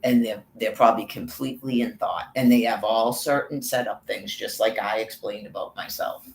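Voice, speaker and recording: A man's voice: on the low side, normal speed, creaky, reverberant, slight background noise, poor audio. A man vlogging on a walk, talking in a rambling, profane monologue and calling out viewers by name. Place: outdoors on a walk.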